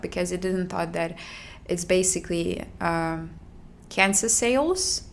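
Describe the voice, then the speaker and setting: Young woman telling a personal story, low voice, lots of fry, halting and emotional. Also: slight background noise. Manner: halting, emotional recounting with restarts and soft sighs.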